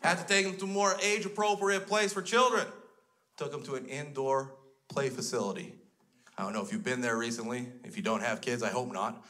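A man's voice: mid-range voice, a little fast, pushed and bright. A Canadian man doing stand-up comedy on stage, telling crude stories in an exasperated tone. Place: comedy stage before a live audience. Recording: live show with audience noise. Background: audience laughter.

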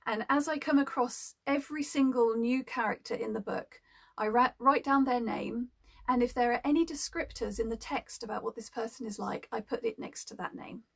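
A woman talks casually to camera about her work as an audiobook narrator. Her voice sits a little high and carries a gravelly, fry-tinged edge. She is chatty and reflective, pausing often with ums as she thinks. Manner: chatty and thoughtful, with frequent ums. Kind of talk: casual explanatory talk to camera.

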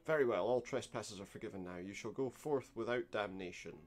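A man's voice: lowish voice, brisk, lightly acted. A man voicing a theatrical, self-important male occult shopkeeper who speaks in grand, archaic phrases. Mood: grandiose.

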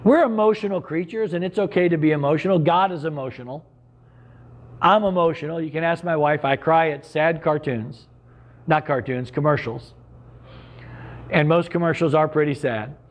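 A man's voice: a little high, normal speed. A middle-aged man preaching a sermon as pastor, earnest and conversational, with sudden emphatic rises.

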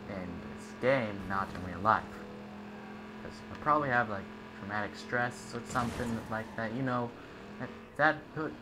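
A man's voice: medium pitch, background noise. A young man giving casual, jokey gameplay commentary and chatting at the game characters. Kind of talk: casual let's-play commentary.

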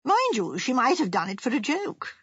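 A woman's voice: high-pitched, very animated, moderate pace, fairly bright tone, breathy edge, no room sound, heavily acted. A woman voicing an eager, chatty country lady. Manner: eager, speculative. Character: chatty excitable country lady, middle-aged. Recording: muffled lo-fi.

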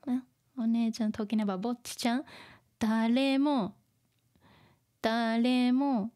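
A woman teaching vocabulary through a manga, explaining slowly, repeating words and laughing often. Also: a little high, fairly even intonation, warm tone. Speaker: Japanese teacher. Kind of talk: manga reading lesson.

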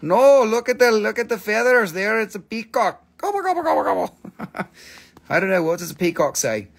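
Man host for a live sales stream, playful and joky, fairly high voice. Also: animated, normal speed. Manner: playful and joking, swears freely, voices silly asides. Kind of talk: casual live sales chat.

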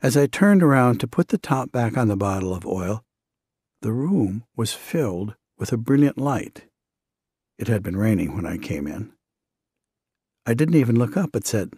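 Husky man reading a devotional book. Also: mid-range voice, very animated, darkish tone, no room sound, studio quality. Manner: measured, earnest reading. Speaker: audiobook narrator. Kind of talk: scripted first-person narration of a devotional book.

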